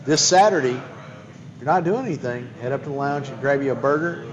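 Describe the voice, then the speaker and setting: A man's voice: mid-range voice, lively intonation, fairly quick, muffled recording. A man hosting a casual show from a lounge, telling stories with lots of restarts and enthusiasm. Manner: rambling, enthusiastic storyteller with many restarts. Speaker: host. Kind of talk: casual chat. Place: bar lounge.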